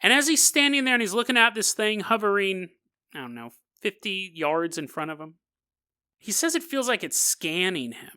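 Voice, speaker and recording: A man's voice: high voice, big pitch swings, normal speed, pushed and bright, clear, resonant tone. A male podcast host retelling a strange story in a comedic way, full of jokey asides and chuckles. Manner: jokey asides, laughs through the telling.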